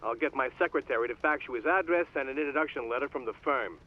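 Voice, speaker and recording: A man doing a brisk lawyer over a tinny phone. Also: mid-range voice, close to an everyday voice. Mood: businesslike. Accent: American, overdone. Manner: brisk, businesslike, dismissive. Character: brisk male company lawyer on a phone call. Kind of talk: game voice acting.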